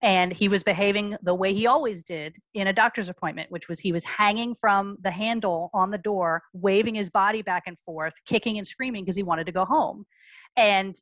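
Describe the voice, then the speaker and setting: A woman, around her forties, being interviewed as a guest on a podcast and recounting her family's experiences frankly and briskly, acting out the voices of people she quotes. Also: mid-range voice, a bit bright, no room sound. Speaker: guest, mother.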